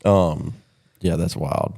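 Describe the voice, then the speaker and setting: A man's voice: deep voice, steady tone, slow pace, gravelly, mellow, husky. A man hosting a podcast, asking a guest questions in a laid-back, hesitant way with ums. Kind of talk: casual interview questions.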